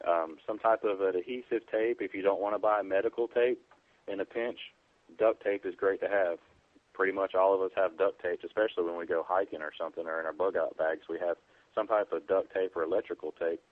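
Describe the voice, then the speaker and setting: A man's voice: deep voice, fairly even intonation, brisk, no echo. A man working as an EMT, a guest in a casual interview, explaining things plainly in an easygoing way with plenty of fillers. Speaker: EMT guest on a preparedness podcast. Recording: tinny phone line.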